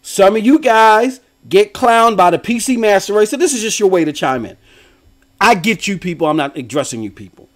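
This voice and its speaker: Brief: middle-aged male stream host, high and very lively voice, animated, slangy, laughs often. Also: normal speed. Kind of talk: casual livestream commentary.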